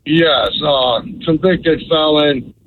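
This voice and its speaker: A middle-aged man calling in to a radio show, earnest and halting, with many fillers. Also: a little high, a little hiss or hum. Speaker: radio caller. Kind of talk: call-in question. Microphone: telephone. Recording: tinny phone line.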